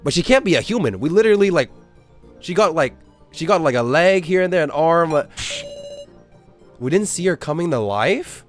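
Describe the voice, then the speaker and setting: A man giving let's-play commentary and reading the story aloud, animated and loose. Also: a little high, normal speed, pauses often, faint music behind. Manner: animated, reads all characters aloud. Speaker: gamer.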